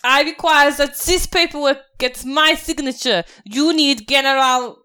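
A woman's voice: high voice, unhurried, pushed and bright, pitched above the performer's own voice. A woman voicing a stern, pompous male German general who barks threatening orders.

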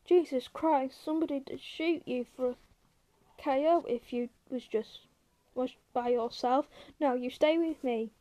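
A gruff, weary ranch hand scolds and grumbles, as a woman reads him aloud. The voice is high and mellow. It is a plain audiobook reading. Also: unhurried.

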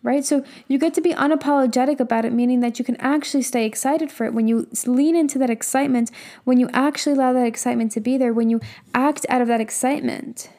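A woman's voice: high-pitched, fairly even intonation, fast talker, mellow. A young adult woman, a business and mindset coach, giving a casual motivational talk full of emphatic rhetorical questions and the odd swear word.

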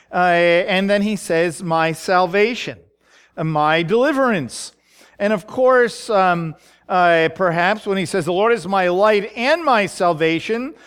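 Male preacher, high-pitched and unhurried, explaining scripture while thinking aloud with lots of fillers. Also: fairly bright tone, smooth. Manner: thoughtful, many fillers and restarts, frequent "right?". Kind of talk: sermon teaching on a psalm.

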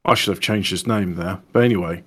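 A man's voice: low-pitched, brisk, a bit bright, husky. A man, co-hosting a casual chat show and telling long rambling anecdotes. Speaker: co-host.

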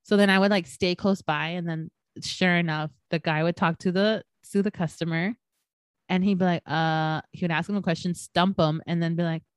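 A woman's voice: fairly low pitch, fairly even intonation, moderate pace, clear, resonant tone, dry recording. A young woman co-hosting a podcast, telling stories in a casual chat full of fillers and swearing. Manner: swears freely, storytelling with lots of fillers. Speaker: podcast co-host.

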